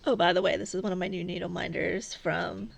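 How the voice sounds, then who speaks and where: A woman's voice: on the low side, fairly even intonation, brisk, vocal fry. A woman vlogging casually as she cross-stitches, rambling and chatty, often laughing at herself. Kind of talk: casual stitch-along chat.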